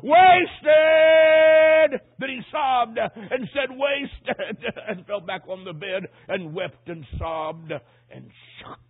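Male preacher, dramatic sermon, hushed-to-loud delivery, husky voice, phone-like recording. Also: sits high.

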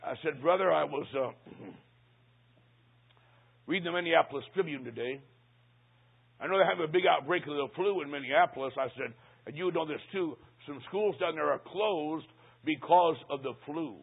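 A man with a fairly high, gravelly voice preaches, spinning a humorous story and dropping into hushed, lower tones for the other characters. His voice is husky, and the recording sounds thin and tinny, like a phone line. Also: moderate pace. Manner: storytelling, acting out dialogue in hushed low voices.

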